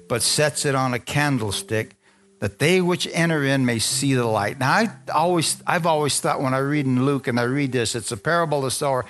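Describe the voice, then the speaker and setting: A man preaching as pastor, reading scripture and telling his own testimony, asking the congregation for amens and rising into excited high peaks. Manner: animated preaching, calls for amen, rises to high excited peaks. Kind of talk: sermon.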